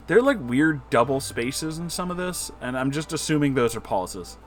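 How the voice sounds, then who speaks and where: A man's voice: mid-range voice, very animated, a little fast, few pauses, faint music behind. Sarcastic young man reading bad fan fiction. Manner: sarcastic, mumbling asides, swears. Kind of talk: comedic dramatic reading with commentary.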